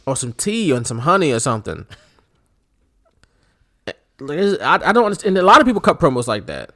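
A man's voice: fairly high pitch, a little fast. A man co-hosting a podcast, chatting casually with laughs and joking asides. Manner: laughing, animated, mock-shouting bits. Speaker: podcast co-host. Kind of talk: casual chat.

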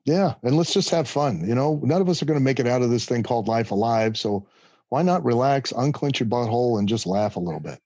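A man's voice: mid-range voice, animated, fairly quick, a little mellow, no room sound. A man guest telling a story in a casual interview and acting out the other people's voices. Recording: dull lo-fi sound.

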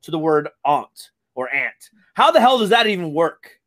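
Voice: mid-range voice, big pitch swings, normal speed, a bit bright. A co-host of a live stream chatting casually. The delivery is teasing and laid-back, with some casual swearing.

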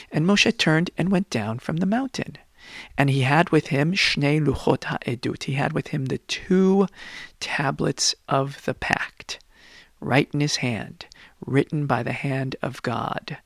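A male teacher leading a lively classroom Bible lesson, acting out the quoted voices as he explains. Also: fairly high pitch, slow pace, creaky, no room sound.

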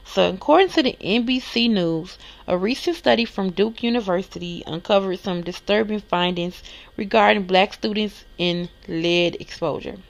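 A woman's voice: mid-range voice, gravelly. A woman hosting a solo news podcast, reading articles aloud and reacting casually. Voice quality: lisp. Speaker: podcast host.

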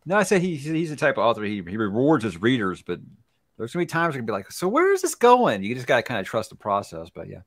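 Male host, lively, rambling, dry close recording. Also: lowish voice, quick pace, dry recording. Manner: lively, rambling, many restarts. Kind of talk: casual interview chat.

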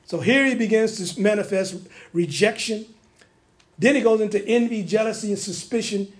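A male preacher teaching a sermon in an animated way, sometimes acting out the people he quotes. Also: high voice, moderate pace.

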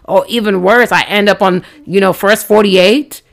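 A woman's voice: medium pitch, steady tone, moderate pace, creaky. A woman co-hosting a podcast, chatting casually and emphatically, laughing easily. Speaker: podcast co-host. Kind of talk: casual chat.

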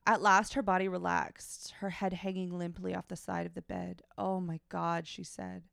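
Low, gravelly woman reading aloud. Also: level tone, normal speed, a bit bright, no room sound, studio quality. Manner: breaks off from reading to make frank, wry asides. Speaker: podcast co-host. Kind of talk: reading fiction aloud with commentary.

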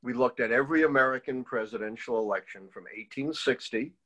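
An older man, a political historian, tells stories in an interview, speaking briskly at a medium pitch on a low-quality recording. He's an animated storyteller who acts out the voices of the people he quotes.

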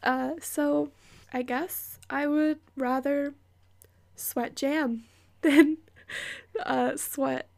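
A woman's voice: sits high, fairly even intonation, very slow, vocal fry, pauses often, darkish tone, no room sound. A young woman hosting a casual podcast from a hot bedroom close to her microphone, ranting with sarcasm and profanity and sometimes dropping to a whisper. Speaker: podcast host.

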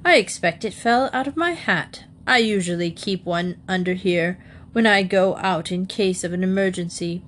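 A woman's voice: lowish voice, normal speed, fairly bright tone, a little hiss or hum, lightly acted. A woman doing a small polite bear. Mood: earnest. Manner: earnest, polite, anxious.

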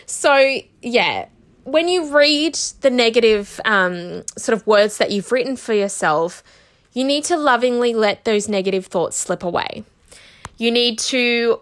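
Casting: woman, bright clear voice, candid self-help host, emotional, fighting tears. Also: a little high. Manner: emotional, heartfelt, full of "like" and "you know". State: close to tears. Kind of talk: candid personal monologue.

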